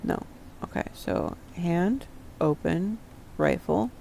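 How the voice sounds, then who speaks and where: A woman streaming a survival game, talking to herself slowly in a gravelly, creaky voice. She mutters through tasks and swears under her breath, with a faint hiss of noise behind her. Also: fairly low pitch, lively intonation, dark tone. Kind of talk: casual gameplay commentary.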